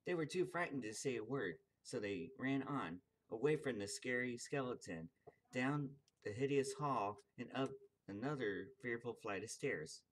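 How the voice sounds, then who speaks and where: A man's voice: mid-range voice, animated, normal speed. A young man casually reading a children's picture book aloud and chuckling along with the story. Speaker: reader.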